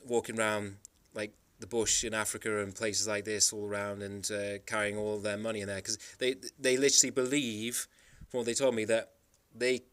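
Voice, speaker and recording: A travel vlogger from the Isle of Man speaks in a fairly low, slightly bright voice. His casual monologue of travel stories is rambling and emphatic, with plenty of restarts.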